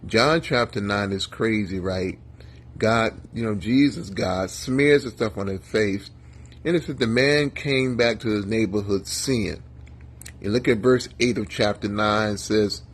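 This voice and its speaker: A man's voice: lowish voice, a little slow. A male pastor giving a conversational sermon in a folksy, chatty manner, talking to his listeners by name.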